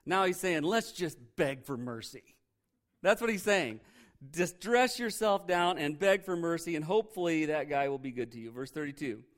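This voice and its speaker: A pastor teaching through a Bible passage in a conversational sermon, joking and animated with sarcastic asides. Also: male voice, a little high, moderate pace.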